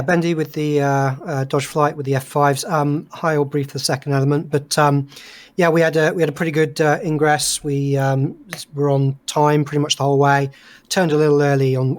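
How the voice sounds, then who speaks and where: Man, flat intonation, hesitant, casual debrief. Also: fairly high pitch. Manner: hesitant, filler-heavy. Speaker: strike flight lead.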